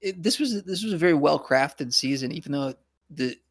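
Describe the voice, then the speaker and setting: A man's voice: fairly high pitch, expressive, moderate pace, breathy edge, no room sound. A man co-hosting a podcast, chatting casually and enthusiastically, thinking aloud with restarts and "like". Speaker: podcast co-host. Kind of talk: casual chat.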